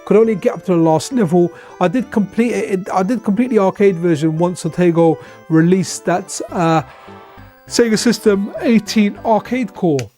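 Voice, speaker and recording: With soft background music behind him, a tired streamer yawns through casual live commentary on retro console games, rambling loosely and repeating himself. His voice sits high and is mellow, at a normal speed.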